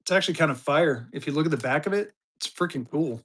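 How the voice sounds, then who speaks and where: A man in his fifties runs a casual live-stream auction, talking straight to his chat. His voice sits a touch high for a man, and he gets loud and excited as he hypes each item, cursing now and then. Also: fast. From Colorado. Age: 50s.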